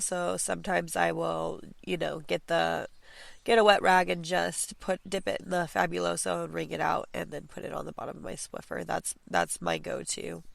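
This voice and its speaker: A woman's voice: on the low side, gravelly, no echo. A young adult woman hosting a casual clean-with-me podcast from home, chatty and encouraging, with many fillers and restarts. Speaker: podcast host.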